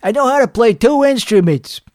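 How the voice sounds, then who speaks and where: A man playing a crude, boastful male singer, talking in a hoarse voice with a rambling, profane, cocky manner in a comedic character monologue. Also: very high voice, lively intonation, moderate pace, no echo, clean studio sound. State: hoarse from singing.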